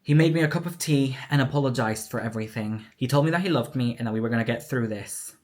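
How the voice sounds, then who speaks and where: A woman's voice: extremely low pitch, fast talker, darkish tone. A woman telling a personal story in a candid, emotional vlog, acting out what others said. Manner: candid, emotional retelling with quoted dialogue. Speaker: vlogger.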